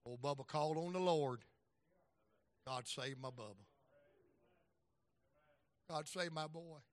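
A middle-aged man preaching a sermon as an evangelist, telling folksy stories and acting out voices, swinging from loud to soft. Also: fairly high pitch, takes it slowly, dry recording.

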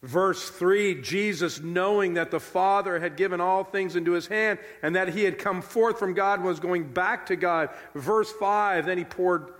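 A male pastor preaching a sermon with animated, emphatic storytelling. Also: on the high side. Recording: long hall reverb.

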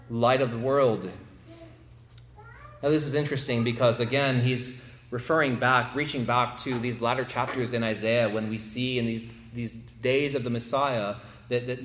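A man preaching an expository sermon, building to emphatic swells and slowing down to stress key phrases. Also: medium pitch, fairly bright tone. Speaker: pastor. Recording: echoey room.

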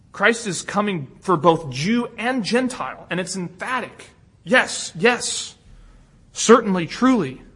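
A preacher with a high, husky voice delivers an earnest expository sermon. He presses his points with emphasis, doubling words as he restarts his sentences. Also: sharp tone.

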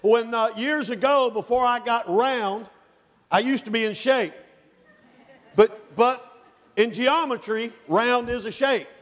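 Middle-aged male preacher, high pitch, shouted peaks and near-whispered lows, long church reverb. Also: takes it slowly. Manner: swings from shouting to hushed, near-whispered passages. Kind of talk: sermon. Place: church sanctuary.

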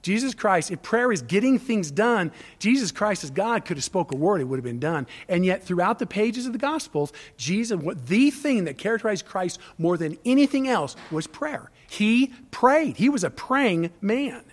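A man's voice: high voice, sing-song, normal speed, hardly any pauses. A middle-aged male pastor delivering a sermon, building emphasis through repeated phrases and rising intensity. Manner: preaching with swelling emphasis and repetition.

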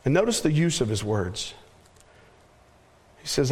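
A man with a Southern American accent preaching a sermon, slow and emphatic, repeating phrases and letting each one fall away at the end. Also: mid-range voice, very animated, a little mellow.

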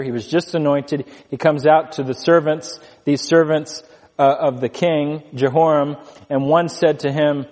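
A man preaching an expository sermon, reading scripture slowly and stressing key words with deliberate pauses. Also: fairly high pitch, fairly even intonation, darkish tone, long reverb tail. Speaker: pastor.

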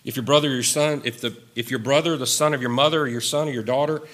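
Bright-voiced man preaching emphatically. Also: mid-range voice, fairly even intonation, fast. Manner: emphatic, repeats key phrases, wanders off his notes. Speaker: pastor. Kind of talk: sermon.

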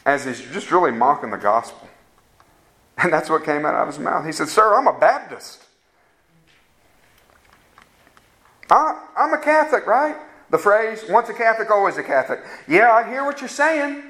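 A man's voice: fairly high pitch, expressive, fairly quick, fairly bright tone. A man preaching a fervent sermon that rises to emphatic peaks. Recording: echoey room sound.

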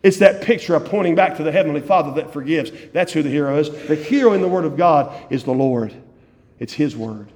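A man from Virginia, preaching a fervent evening sermon as pastor. He repeats key phrases and swings between loud and hushed lines. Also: fairly high pitch, fast, hardly any pauses, slight background noise. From West Virginia, USA. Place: church sanctuary. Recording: long church hall reverb.

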